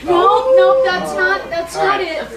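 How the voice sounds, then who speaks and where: A woman's voice: very high-pitched, expressive, slow pace, recorded from a distance. A woman hosting a live comedy show who introduces acts and teasingly shushes the crowd. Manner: teasing, scolds hecklers. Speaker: show host. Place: comedy club stage. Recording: roomy club sound from off mic.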